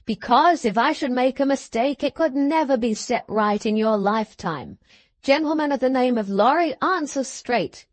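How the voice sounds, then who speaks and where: A woman voicing a gruff, suspicious coach guard who barks threats and challenges in a dry, close-sounding recording. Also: high-pitched, animated, moderate pace, no room sound, pitched above the performer's own voice. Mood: challenging.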